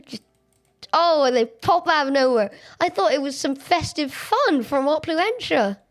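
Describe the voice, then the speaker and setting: High-voiced, giggly Australian woman streaming. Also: expressive, measured pace. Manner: chatty, giggly, thinking aloud. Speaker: Minecraft streamer. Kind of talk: casual live-stream commentary. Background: faint background music.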